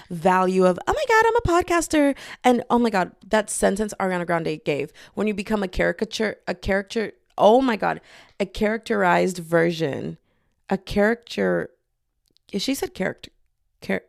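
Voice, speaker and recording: A woman's voice: medium pitch, gravelly, no room sound, studio quality. A young woman hosting a casual solo podcast from her bedroom, rambling playfully and slipping into bits of singing. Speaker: podcast host. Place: bedroom with hardwood floor. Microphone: podcasting mic.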